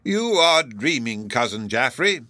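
A man reading aloud, voicing a bitter, incredulous old gentlewoman in a raised, slowed, emphatic voice. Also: mid-range voice, lively intonation, no echo.

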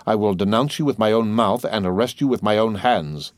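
A man voicing a stern, unforgiving magistrate who speaks in a measured, commanding way, in a dry, close recording. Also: lowish voice, dry recording, lightly acted. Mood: severe. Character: stern, unforgiving male magistrate, cold and severe.

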